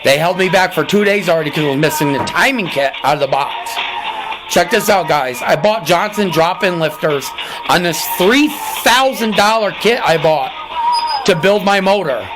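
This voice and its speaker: A man's voice: high voice, animated, moderate pace, over music. A man hosting his own vlog, talking casually to viewers about a truck engine build and ranting in frustration. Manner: frustrated, ranting, keeps saying "you guys".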